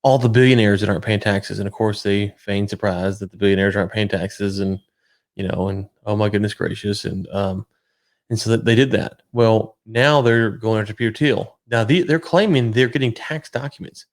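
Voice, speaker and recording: A man co-hosting a podcast, talking casually in an animated, sarcastic, ranting way. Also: fairly low pitch, normal speed. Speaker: podcast co-host. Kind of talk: casual political chat.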